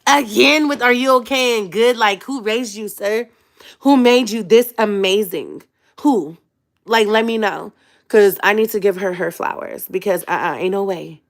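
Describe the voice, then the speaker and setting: Sharing a personal story with her viewers, this vlogger is casual and animated, full of slang, asides, and frequent laughter, moving from hushed tones to loud ones. Her voice is mid-range and her pace unhurried.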